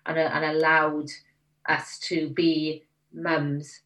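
A woman in her forties from Wales with a Valleys Welsh accent, frank and lively as an interview guest. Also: low-pitched, takes it slowly, recorded from a distance, poor audio. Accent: South Wales Valleys Welsh. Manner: frank, lively, self-deprecating. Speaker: magazine editor, podcast guest. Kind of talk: casual interview chat.

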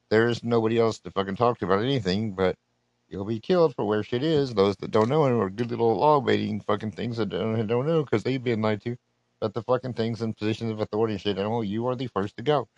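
A man's voice: fairly low pitch, darkish tone, no echo, low-quality recording. A man delivering an unscripted live rant, profane, threatening and rambling. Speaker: solo podcaster.

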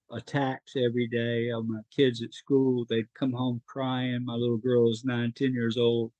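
A man's voice: medium pitch, a little mellow, dry recording, lo-fi sound. A middle-aged man from North Carolina, a podcast guest telling his life story in an emotional, earnest way.

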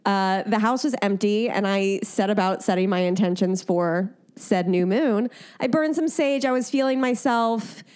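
A woman's voice: medium pitch, moderate pace, a little mellow, clear, resonant tone. Playful giggly woman co-host. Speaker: podcast co-host. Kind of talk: casual chat.

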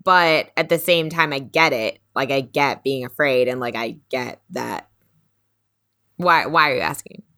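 A woman's voice: a bass voice, a little slow, fairly bright tone, no room sound, studio quality. A woman podcast co-host in candid casual chat, animatedly retelling a tense conversation, quoting people, swearing and laughing often.

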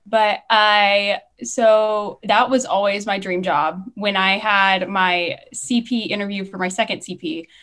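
A young woman chats as a podcast guest, bubbly and quick, tumbling from one story into the next. Her voice sits in an ordinary middle range. She talks casually, full of enthusiasm. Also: mid-range voice, steady tone, fairly bright tone. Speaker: guest, former ride skipper.

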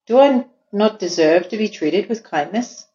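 A woman voicing a big, strong, gentle male ox in a storybook reading. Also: mid-range voice, expressive, measured pace, natural voice. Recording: echoey room, dull lo-fi sound.

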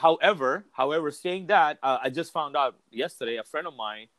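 A man's voice: on the high side, moderate pace, a bit bright, dry recording. A man as a podcast guest in casual chat, telling stories candidly, swearing freely and restarting his sentences often.

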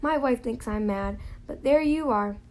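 A woman's voice: fairly high pitch, a little slow, lightly acted. A woman reading aloud, voicing a kindly, cheerful middle-aged wizard father who talks in a friendly, eager, slightly awkward way.

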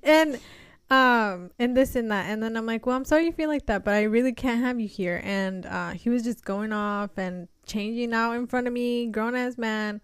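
A young woman co-hosting a podcast, telling a story with lively acted quotes and a few Spanish words mixed in. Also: fairly high pitch, normal speed, smooth, no echo, clean studio sound. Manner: animated storytelling, acts out quotes, code-switches into Spanish. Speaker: podcast co-host. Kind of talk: casual chat.

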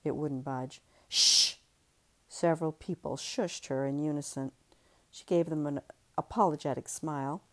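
A woman with a low, deep voice reads her own novel aloud in a measured, steady storytelling tone. She narrates as the author hosting her podcast.

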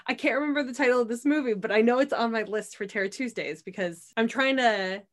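A woman's voice: on the high side, fast. A woman in her thirties co-hosting a casual podcast, chatty and rambling with frequent restarts. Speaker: podcast co-host.

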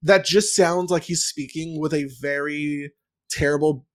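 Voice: medium pitch, fairly even intonation, unhurried. A podcast host recapping a book in casual chat. The host rambles, swears freely, and acts out the characters' lines.

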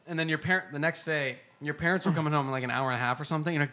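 A young man co-hosting a podcast, telling animated, profane stories and arguing playfully. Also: fairly high pitch, very fast. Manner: animated storyteller, profane, argumentative. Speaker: podcast co-host. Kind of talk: casual chat.

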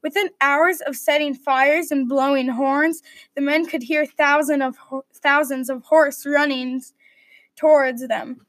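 A woman reading a medieval adventure story aloud at a steady read-aloud pace. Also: high voice, measured pace, no echo.

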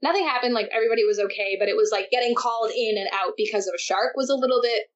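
Young female guest, animated storyteller, slightly high voice, dull lo-fi recording. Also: very fast. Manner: animated storytelling with frequent laughs. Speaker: interview guest, surfer. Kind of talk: casual interview chat. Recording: dull lo-fi sound.

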